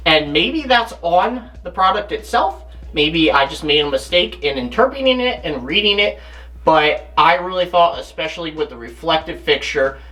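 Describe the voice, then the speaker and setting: A woman's voice: low voice, fairly bright tone. A woman hosting her own channel, casually demonstrating and thinking aloud as she goes, often correcting herself. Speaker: reptile keeper and channel host.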